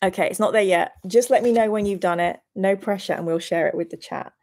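A woman in her forties hosting a live-streamed gamebook play-through, chatty and animated as she switches between reading the room descriptions aloud and talking to her chat. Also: mid-range voice, brisk. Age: 40s.

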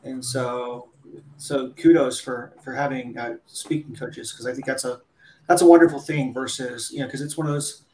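A man's voice: medium pitch, fairly even intonation, normal speed, a little mellow, reverberant. A man co-hosting a casual live panel chat, talking in a rambling way and often restarting his sentences. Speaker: co-host, conference organizer.

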